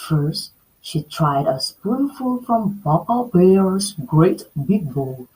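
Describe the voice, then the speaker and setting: A woman reading a children's story aloud as storyteller, slowly and expressively. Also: on the low side, rough recording. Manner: slow, expressive read-aloud.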